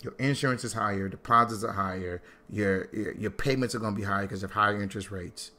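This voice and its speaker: A man giving a sermon-style talk on money, preacherly and animated, repeating lines for emphasis and swinging from low asides to loud bursts. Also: fast talker. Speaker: Christian financial teacher.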